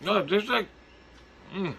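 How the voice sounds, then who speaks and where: A man from Hawaii with a Hawaiian accent, vlogging casually in a jokey, excitable way, swearing and laughing as he talks. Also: high voice, measured pace, creaky, slight background noise. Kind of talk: casual vlog.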